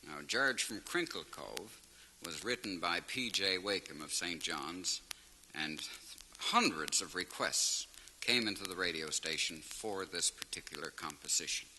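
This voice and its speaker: A man's voice: deep voice, unhurried, bright, forceful tone. A man, a radio host telling a comic monologue in a chatty, folksy way. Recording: reverberant vinyl transfer with faint hiss.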